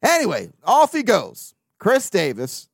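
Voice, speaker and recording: A man hosts a casual sports podcast, venting in blunt, profane bursts. His voice sits a bit high for a man. The sound is dry and close, with no room around it. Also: huge pitch swings, measured pace, vocal fry, no echo. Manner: blunt, profane, venting, with mocking put-on quotes. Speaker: podcast host.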